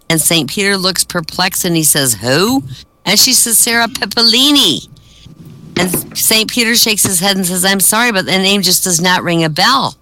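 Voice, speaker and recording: A man works through a comedy set of old jokes with a bright, forward voice. He jumps his pitch up for the characters' quoted lines. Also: a little hiss or hum. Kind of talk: telling jokes to an online audience.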